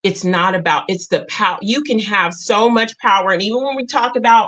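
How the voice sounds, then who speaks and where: A woman's voice: mid-range voice, a little fast, hardly any pauses, a bit bright. A middle-aged woman hosting a casual livestream. She talks straight to her viewers, earnest and emotional. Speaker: livestream host.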